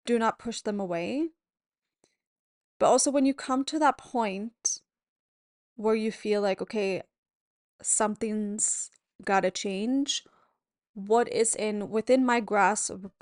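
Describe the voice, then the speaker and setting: A woman hosting a podcast as a yoga teacher, talking in a gentle, candid and reassuring way at home. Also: mid-range voice, dry recording, clean studio sound. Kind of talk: reflective solo podcast talk. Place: at home at a table.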